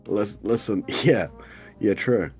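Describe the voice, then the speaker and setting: A man's voice: lowish voice, takes it slowly, darkish tone, faint music behind. A man with a New Zealand accent co-hosting a live stream, crude and joking in casual banter over voice chat. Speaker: stream co-host.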